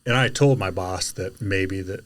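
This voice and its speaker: A man in casual podcast chat, telling a story with lots of energy and shouting out quoted lines. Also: deep voice, normal speed. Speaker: podcast guest, delivery driver.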